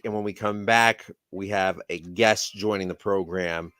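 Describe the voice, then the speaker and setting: A man's voice: on the low side, steady tone, measured pace, a bit bright, smooth, dry recording, studio quality. A man hosting a casual wrestling review show, talking in a rambling way that often restarts mid-sentence. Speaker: host.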